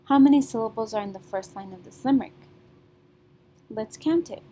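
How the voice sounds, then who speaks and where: A young woman teaching a recorded reading lesson, her voice mellow and soft-edged. She talks in a patient, sing-song classroom way, checking in often with her students. A faint low rumble sits behind her. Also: fairly quick, long pauses.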